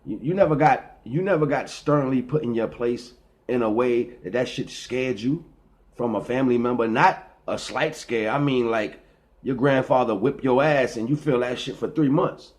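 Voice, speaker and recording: A man's voice: medium pitch, normal speed. A middle-aged man speaking in a rambling, preachy casual monologue, often repeating and restarting his words. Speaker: vlogger.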